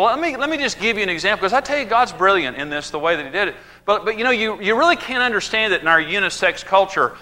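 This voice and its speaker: A man gives a humorous marriage talk with a high, bright voice. He tells lively stories and acts out the voices of the people in them. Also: fast, hardly any pauses. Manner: animated storytelling, acting out quoted voices. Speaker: marriage teacher.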